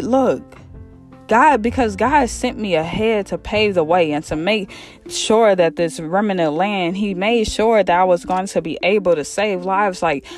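A man retelling a Bible story in a casual, lively way, acting out the characters' lines in slang and repeating himself as he goes. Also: high-pitched. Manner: animated, acts out quotes in slang, repeats himself. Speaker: podcast storyteller.

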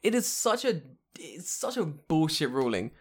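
A man co-hosting a podcast in casual chat, excitable and profane, breaking into loud outbursts. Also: on the high side, measured pace. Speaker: podcast co-host.

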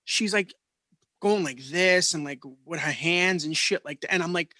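A man co-hosting a podcast, telling a story in a profane, animated way. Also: sits high, moderate pace, dry recording. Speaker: podcast co-host. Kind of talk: casual chat.

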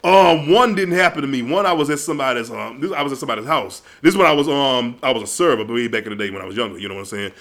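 A man telling stories in a casual comedic monologue, animated and profane, often breaking into laughs. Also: mid-range voice, rapid-fire, few pauses. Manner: animated, profane, loud storytelling with frequent laughs.

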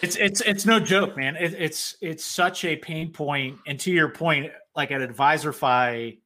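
A man's voice: on the high side, a little slow, pushed and bright. A man in a casual business conversation, talking loosely about accounting work with lots of "like" and "right?" fillers. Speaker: payroll software company representative.

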